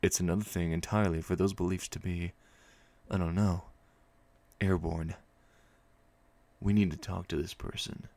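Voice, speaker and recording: A man voicing an uneasy male asylum staffer as he reads a game memo aloud, steady and matter-of-fact with small asides. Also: deep voice, moderate pace, pauses often. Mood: concerned. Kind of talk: reading a game document aloud.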